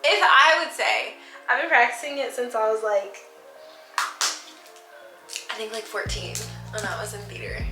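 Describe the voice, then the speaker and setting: In an echoey room with faint music playing, a young woman in her twenties does her makeup and chats in a rambling, filler-heavy way. Her voice is on the high side and animated, a bit slow, with frequent pauses. She's a beauty vlogger.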